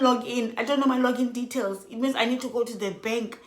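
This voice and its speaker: A woman telling an emotional storytime vlog, sounding worn out and animated by turns. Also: fairly high pitch, a little fast. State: exhausted. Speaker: vlogger. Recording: echoey room.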